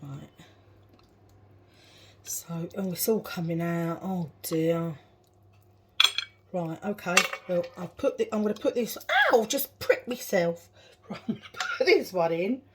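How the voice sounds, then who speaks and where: Her pitch is fairly low and her speech a little slow, broken by long pauses. This woman vlogger casually walks through her home cooking step by step, laughing at her own expense, while kitchen noise of clattering dishes and cutlery carries on behind her at home.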